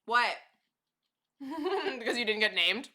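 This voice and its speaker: A woman's voice: fairly high pitch, lively intonation, slow, sharp tone. A woman live streamer chatting casually to her viewers, rambling and laughing often.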